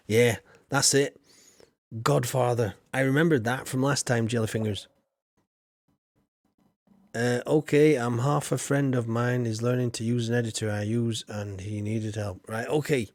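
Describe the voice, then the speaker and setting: A man's voice: mid-range voice, steady tone, measured pace, no room sound, clean studio sound. A man from England, chatting casually while streaming a game. He rambles in a chatty, playful way. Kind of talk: casual live gameplay chat.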